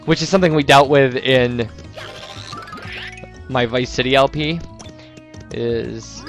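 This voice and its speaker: A man's voice: medium pitch, takes it slowly, long pauses, a bit bright, faint music behind. A young man giving casual, rambling gameplay commentary, full of "um"s and joking asides. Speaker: let's player.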